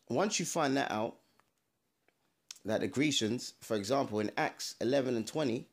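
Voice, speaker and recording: A man giving an informal, emphatic Bible teaching to camera, speaking straight to his viewers and reading out references. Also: mid-range voice. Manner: emphatic, addresses viewers directly, pauses to check sources. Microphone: camera mic, adjusting camera while talking.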